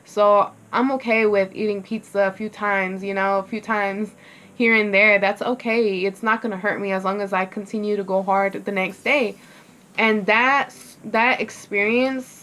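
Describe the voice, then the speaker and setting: A woman's voice: medium pitch, a bit bright. A young woman vlogger telling her story in a rambling, candid way, filling her talk with "like" and swearing freely. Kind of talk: casual get-ready-with-me storytelling.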